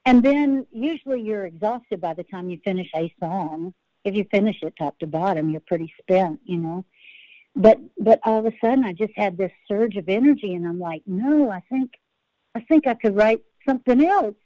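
A woman's voice: mid-range voice, moderate pace, no room sound, lo-fi sound. A woman country singer-songwriter, a podcast guest, telling rambling, self-interrupting stories and laughing at her own tales.

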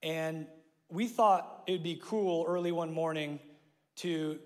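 A man from Omaha preaches from a church stage. His voice sits a bit higher than most men's, and the big room gives it a long, lingering reverb. He tells stories with playful self-mocking asides and shouts out the lines he quotes. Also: slow. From Omaha, Nebraska, USA. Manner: animated storytelling, acts out quotes with sudden shouts. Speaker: pastor. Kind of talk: sermon. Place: church sanctuary. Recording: long reverb of a large hall.

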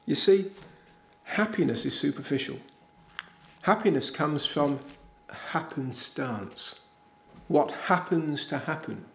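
A man's voice: a little high, creaky. An older man from England preaching an earnest, emphatic sermon in a small village church, repeating key phrases for weight. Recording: echoey church room.

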